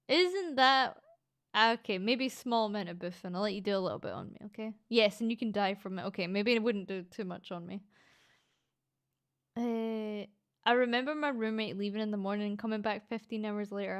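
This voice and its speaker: A Scottish woman chatting casually on a live stream as she reads chat, playful and quick to laugh, with the odd swear word. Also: medium pitch, smooth. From Scotland. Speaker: VTuber streamer reading chat.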